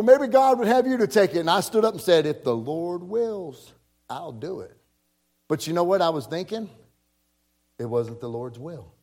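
A man's voice: high-pitched, darkish tone. A man preaching a personal story, acting out the voices of people he quotes, with frequent repeated words. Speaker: pastor. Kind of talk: storytelling sermon.

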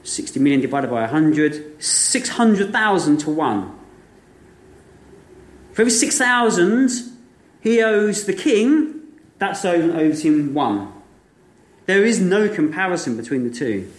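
Male preacher, slightly high voice, lively storyteller full of rhetorical questions; echoey room. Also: measured pace, pauses often. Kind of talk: sermon.

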